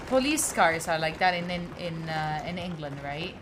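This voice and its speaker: A woman's voice: sits low, expressive, normal speed, noisy background. A young woman with an Italian accent, a native Italian speaker, chatting casually through a game stream and talking to the characters on screen. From Italy. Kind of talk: casual gaming stream commentary.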